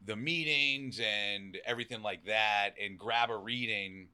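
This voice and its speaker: Young Boston guy, low and forceful, loud and brash, swears freely, acts out what people said. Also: measured pace, clear, resonant tone. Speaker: podcast guest. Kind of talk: casual conversation.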